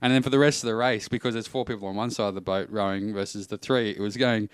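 A man's voice: lowish voice, fairly even intonation, fast, clear, resonant tone, no room sound. A man, chatting casually as a podcast co-host and telling a rambling story. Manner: rambling storyteller, self-interrupting. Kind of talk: casual chat.

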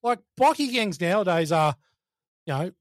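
A man with an Australian accent hosting a casual film review podcast, talking in an animated way, laughing and swearing. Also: sits high, moderate pace, no room sound, clean studio sound. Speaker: podcast host.

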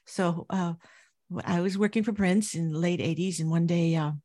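A middle-aged woman recounting memories as an interview guest, telling her story vividly and growing animated at its high points. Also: normal speed, no room sound, clean studio sound.

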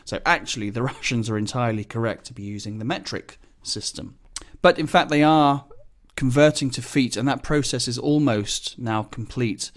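Chatty pilot explaining procedures. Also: male voice, mid-range voice, normal speed. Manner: chatty, relaxed, explains technical terms plainly. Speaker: business jet pilot. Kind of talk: casual explanatory monologue.

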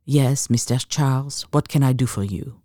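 A woman brings out an elegant, scheming museum director with a subtle French accent. She speaks in a cool, composed purr. The tone is mellow and dark, and the sound is dry and close. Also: rumbling low, moderate pace, no room sound.

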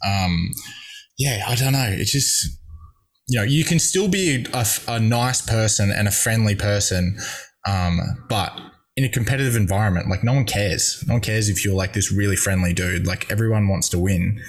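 A man's voice: on the low side, moderate pace. A young Australian man chatting bluntly as an interview guest, telling stories with lots of fillers and restarts. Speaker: guest athlete. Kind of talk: casual interview chat.

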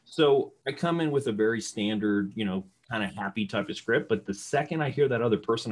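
Middle-aged male sales trainer, loud and energetic, a bit husky, conversational seminar delivery. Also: on the low side. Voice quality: loud talker. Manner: energetic, conversational, asks the room questions. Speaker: real estate sales trainer. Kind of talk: live seminar teaching.

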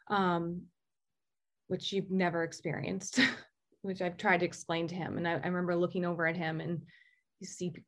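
A woman telling a candid personal story, halting and restarting often with fillers. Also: on the low side. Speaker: guest sharing recovery story.

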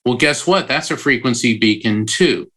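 An expressive, medium-pitched, slightly bright voice belongs to a man working as a psychic medium. As an interview guest he explains things at length at a normal speed, using analogies and drifting into the odd digression or restart.

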